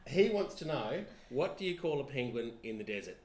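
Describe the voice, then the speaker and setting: A man's voice: medium pitch, sing-song, a little fast, darkish tone. A man in his fifties, co-presenting and reading out viewer questions, joking around with dad jokes. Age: 50s. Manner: jokey, tells dad jokes. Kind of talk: casual live-stream chat. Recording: echoey room with faint background noise.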